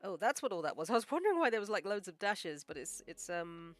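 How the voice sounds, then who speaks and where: A woman animator live-streams her drawing with soft background music, speaking on the low side in an animated, brisk manner with few pauses. She chats casually and rambles, heavy on "like" and "um," sounding modest and encouraging.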